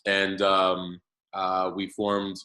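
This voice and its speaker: A man's voice: low voice, monotone, very slow, sharp tone, low-quality recording. A man in his thirties, a podcast guest, telling his story in a loose, rambling way with many fillers and restarts. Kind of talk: casual storytelling interview.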